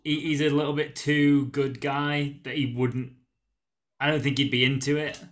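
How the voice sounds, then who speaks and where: A man's voice: medium pitch, flat delivery, moderate pace, a bit bright. A man co-hosting a podcast in casual chat, laid-back and joking.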